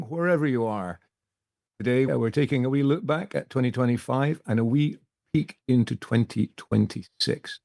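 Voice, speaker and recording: Man with a gravelly voice. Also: mid-range voice, a little mellow. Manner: upbeat, uses Scots words like wee. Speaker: podcast host. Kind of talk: scripted intro then casual chat.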